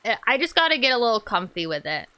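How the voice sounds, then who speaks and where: A woman streamer chats playfully over a game, with a lively, swooping pitch and a bright, forceful tone. Her voice sits a little high, and faint game music plays behind her. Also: quick pace, smooth. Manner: playful and animated, jokey asides. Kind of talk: casual let's-play commentary.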